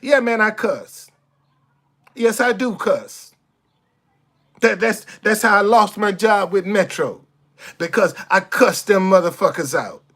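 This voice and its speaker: A man's voice: high voice, a bit bright. A man in an impassioned monologue to camera, blunt and heavily profane, repeating phrases for emphasis and stammering over restarts as he gets fired up. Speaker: vlogger.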